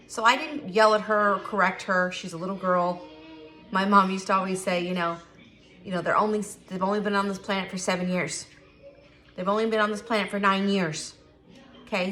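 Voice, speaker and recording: A woman's voice: medium pitch, sharp tone. A middle-aged woman chatting candidly to camera, emphatic and given to repeating herself. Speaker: vlogger. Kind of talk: casual chat to camera.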